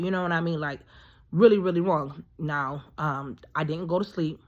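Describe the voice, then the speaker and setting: A woman's voice: lowish voice, normal speed, fairly bright tone. A woman in her thirties telling a personal story in a casual, rambling way, full of fillers and emphatic asides. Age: 30s.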